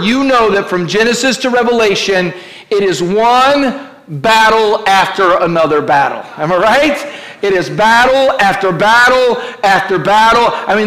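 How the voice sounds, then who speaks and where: A man's voice: high voice, fairly bright tone. A man preaching a sermon as pastor, with many filler "uh"s, calling out questions to the congregation. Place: church sanctuary. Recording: echoey church room.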